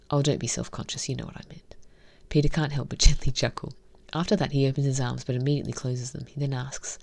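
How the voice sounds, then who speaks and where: A woman reading a visual novel aloud and commenting on it, in a soft, half-whispered, heartfelt way. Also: rumbling low, gravelly. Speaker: game reviewer.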